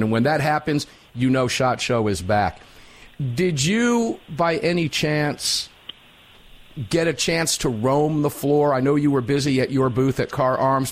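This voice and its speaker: Hosting a live talk radio program, this middle-aged man has a medium-pitched voice. He sounds energetic and folksy, occasionally stretching words out to stress them.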